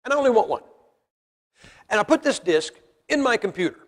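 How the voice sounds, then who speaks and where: Very animated and fairly quick, this man's high-pitched voice carries his sermon across a church hall. He is blunt and folksy with the congregation and fires off rhetorical questions. The recording has a large hall's long reverb.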